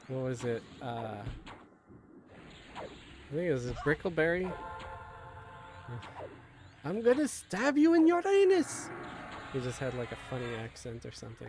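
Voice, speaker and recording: A man's voice: medium pitch, vocal fry, background noise. A man from Queens chatting casually while playing an online game, rambling and self-deprecating. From Queens, New York. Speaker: gamer streamer. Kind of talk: casual chat while gaming.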